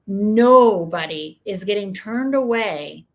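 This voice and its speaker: Woman reacting to clips, sarcastic and getting worked up, mid pitch. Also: expressive, slow pace. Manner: sarcastic, increasingly heated. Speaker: political commentator reacting to clips. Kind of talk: casual reaction commentary.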